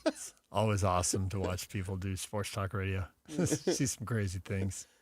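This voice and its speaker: A man's voice: low-pitched, animated, moderate pace, dry recording. A man co-hosting a sports radio show, bantering casually and teasing his partner, often laughing.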